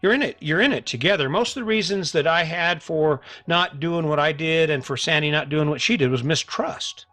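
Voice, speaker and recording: A middle-aged man hosts a motivational solo podcast, speaking earnestly and casually to listeners while often repeating himself and restarting sentences. His pitch is fairly high and his tone fairly bright, at a moderate pace with hardly any pauses. Faint music plays behind him.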